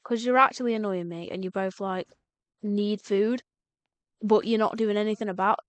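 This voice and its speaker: A woman's voice: medium pitch, steady tone, moderate pace, clean tone, dry recording. A young woman streaming a game live, chatty and exasperated, swearing at the game. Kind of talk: live gameplay commentary.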